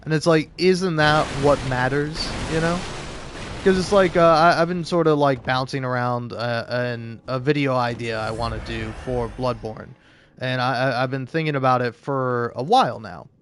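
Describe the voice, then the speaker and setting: A young man at an ordinary, middle pitch talks his thoughts through while he plays. He rambles in a halting way, restarts his sentences often and leans on filler words as he circles an idea. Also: a bit bright, slight background noise. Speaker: gaming video creator. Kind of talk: rambling musing commentary while playing.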